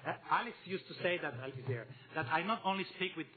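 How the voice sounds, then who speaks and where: A man's voice: high voice, expressive, fast, a crowd in the background. A man with a Spanish accent giving a conference presentation, hesitant and repeating words, with joking asides. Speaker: conference speaker. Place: meeting room. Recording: tinny phone-like audio with faint hum.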